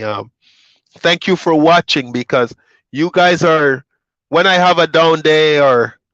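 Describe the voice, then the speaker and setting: A man's voice: fairly high pitch, no room sound, dull audio. A man from Jamaica who drives trucks, chatting casually to his viewers and rambling through road stories with plenty of fillers. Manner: relaxed, rambling storytelling with fillers.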